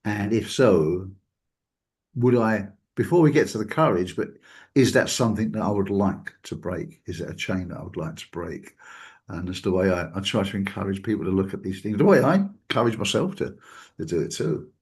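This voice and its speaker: A man's voice: low voice, animated, fairly quick, vocal fry, a little mellow. A man hosting a reflective talk show, speaking loosely and conversationally, with frequent fillers and chuckles, acting out the people he quotes. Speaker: podcast host.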